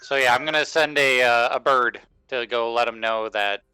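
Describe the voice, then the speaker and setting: A man's voice: medium pitch, steady tone, moderate pace, sharp tone, clean tone, no echo, rough recording. A man playing a tabletop game, speaking hesitantly and thinking aloud with many fillers. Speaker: player.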